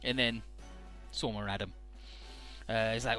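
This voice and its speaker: A man's voice: on the low side, fairly even intonation, unhurried, pushed and bright. A man casually narrating a video game run, offhand and profane, with game music faint behind. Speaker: let's play host.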